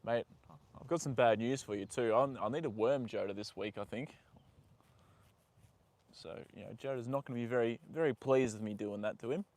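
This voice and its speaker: Man, young, casual live chat, outdoors, medium pitch. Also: normal speed. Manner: chatty, answers viewer comments, talks softly to his horse. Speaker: livestream host. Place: outdoors in a horse paddock.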